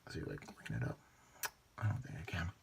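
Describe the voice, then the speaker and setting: Low-voiced man muttering while he paints. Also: big pitch swings, quick pace, gravelly, slightly rough. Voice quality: mumbling, muttering to himself, drifts into whispers. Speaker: hobby painting channel host. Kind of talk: casual running commentary while painting.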